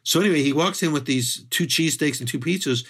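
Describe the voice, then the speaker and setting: A man's voice: on the high side, fast talker, husky. A middle-aged man from the Philadelphia area, a guest telling stories in a casual interview and acting out the dialogue. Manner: lively storyteller who acts out dialogue. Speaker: guest, bread author.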